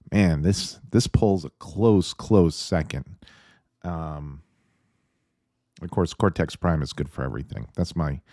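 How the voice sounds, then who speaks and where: Male home reviewer, deep, chatty, excited, rambles with fillers; dry close sound. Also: no room sound. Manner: rambling and enthusiastic, with many fillers. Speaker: tabletop game reviewer. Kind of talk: casual video review. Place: at home with his dog nearby.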